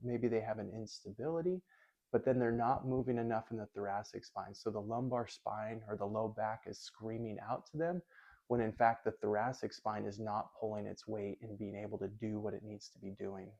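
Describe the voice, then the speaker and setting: A man explaining his work as a physical therapist in a calm, methodical lesson, thinking aloud as he goes. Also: on the low side, moderate pace, creaky, lo-fi sound.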